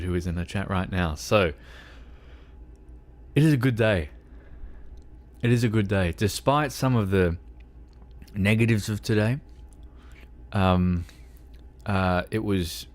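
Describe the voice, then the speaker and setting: Slow-talking Australian man streaming a game. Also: lowish voice. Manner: joking, swears freely, self-deprecating. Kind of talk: casual livestream chat.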